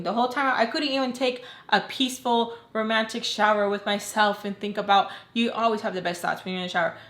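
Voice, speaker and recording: A young woman telling a personal storytime to her viewers, casual and expressive, with lots of fillers and swearing. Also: mid-range voice, echoey room. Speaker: vlogger. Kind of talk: storytime vlog.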